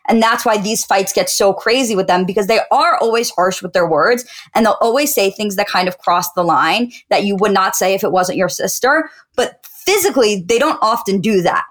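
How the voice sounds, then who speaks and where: A woman co-hosting a podcast in casual chat, talking earnestly with plenty of "like" fillers. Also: fairly high pitch. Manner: earnest, chatty, many "like" fillers. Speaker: podcast co-host.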